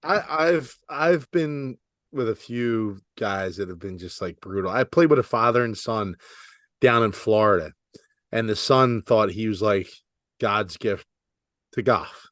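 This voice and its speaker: A man's voice: on the low side, unhurried, a bit bright, dry recording, studio quality. A man co-hosting a podcast in casual chat, laid-back, swearing freely and saying "like" and "dude" a lot. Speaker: podcast co-host.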